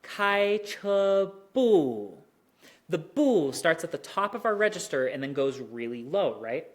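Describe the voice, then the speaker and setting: In an online lesson on Mandarin tones, a teacher talks slowly and carefully, exaggerating each tone to demonstrate it. The voice is mid-range with lively intonation.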